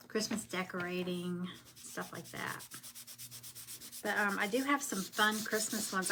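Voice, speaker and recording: A middle-aged woman with a Southern drawl chats at a relaxed, slow pace while working on a craft project. She rambles between thoughts and greets viewers by name, with a faint hiss in the background. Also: medium pitch. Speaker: craft livestream host. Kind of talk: casual livestream chat while crafting.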